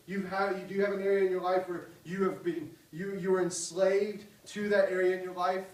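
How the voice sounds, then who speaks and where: Male pastor, higher voice, impassioned sermon, echoey hall, a little off the mic. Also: level tone, a little fast, distant mic. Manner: impassioned, swinging from loud cries to soft pleading.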